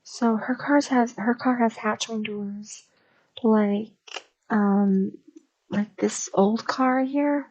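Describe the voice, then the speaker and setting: A woman's voice: fairly high pitch, steady tone, extremely slow, a little mellow, muffled recording. A woman streamer chatting in a casual, rambling, gossipy way and spilling a story, recorded on a desk microphone. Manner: rambling, gossipy, lots of fillers.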